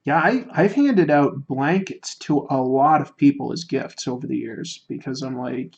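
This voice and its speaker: A man's voice: medium pitch, unhurried, creaky, few pauses, darkish tone. Joking man streaming on dull audio. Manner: joking, self-mocking, rambling with restarts. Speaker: streamer drawing while chatting. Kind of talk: casual livestream chat.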